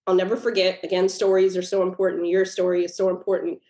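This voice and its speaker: A woman's voice: fairly low pitch, level tone, quick pace, warm tone. A woman guest author telling a personal story in a podcast interview, earnest and emotional. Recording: roomy echo.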